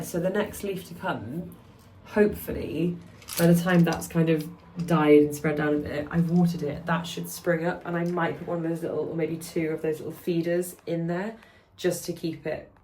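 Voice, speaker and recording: A woman's voice: low voice, mellow, a little hiss or hum. A young woman with a sore throat, rambling casually in a chatty vlog. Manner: rambling, chatty, many fillers. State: sore throat from hay fever. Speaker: vlogger. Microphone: phone held by hand.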